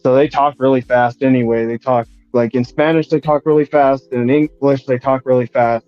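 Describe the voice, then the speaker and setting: A laid-back man in casual chat, talking in a relaxed way. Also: medium pitch, brisk, dry recording. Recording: dull, dry recording with faint music.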